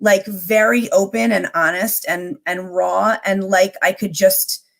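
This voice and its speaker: Give me a woman guest chatting openly, rambling a bit as she thinks aloud. Her voice sits at an ordinary middle pitch. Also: fairly even intonation, a little slow, gravelly, a bit bright. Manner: open, rambling, with many fillers and restarts. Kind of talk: casual conversational chat.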